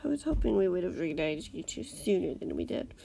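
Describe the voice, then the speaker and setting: A woman reading aloud, voicing a cold, scheming male villain who speaks calmly and menacingly. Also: lowish voice, brisk, vocal fry, breathy edge, full character voice. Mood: cold taunting. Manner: calm, menacing, sometimes whispered.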